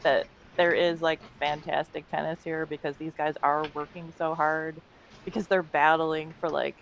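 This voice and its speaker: A woman's voice: sits low, level tone, moderate pace, vocal fry, slight background noise. A woman co-hosting a comedic webcast, telling chatty anecdotes and laughing often. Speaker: co-host. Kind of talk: casual comedic chat.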